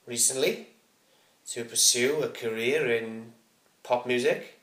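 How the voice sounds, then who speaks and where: A young adult man with a Welsh accent, bantering on a comedy podcast in a dry, deadpan way. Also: mid-range voice, slow pace. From Northwest Wales. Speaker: podcast co-host. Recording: echoey room, off-mic.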